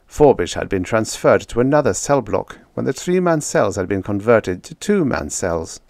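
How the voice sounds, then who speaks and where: Low-voiced man reading a vintage story. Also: big pitch swings, normal speed, vocal fry, a little mellow, dry recording. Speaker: audiobook narrator. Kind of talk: scripted story narration.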